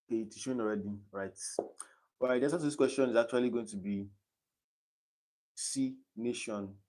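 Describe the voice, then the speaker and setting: A man's voice: medium pitch, moderate pace, a little mellow. A young Nigerian man tutoring exam questions on a live stream, explaining step by step and repeating key points. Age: young adult.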